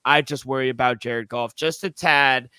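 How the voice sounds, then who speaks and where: Bright, emphatic podcast co-host man. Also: mid-range voice, steady tone, moderate pace, smooth, dry recording. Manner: emphatic, swears freely. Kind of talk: sports betting podcast chat.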